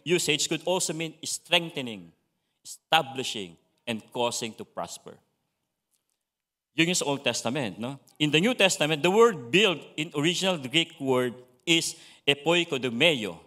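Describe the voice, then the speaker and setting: Filipino-accented male preacher, bright voice, code-switching, chatty tag questions. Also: fairly high pitch, expressive, moderate pace. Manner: mixes English and Filipino, frequent tag questions. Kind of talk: Bible teaching.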